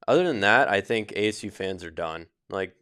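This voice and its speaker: A man's voice: fairly low pitch, expressive, normal speed, bright, forceful tone, smooth, dry recording, clean studio sound. A man co-hosting a casual sports talk show, speaking in a laid-back way with some hesitant restarts. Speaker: co-host.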